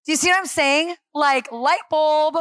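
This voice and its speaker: A woman speaking at a church on a handheld microphone, giving a lively, self-deprecating sermon that acts out her talks with God. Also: high voice, measured pace, no room sound. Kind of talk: conversational sermon. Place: church stage.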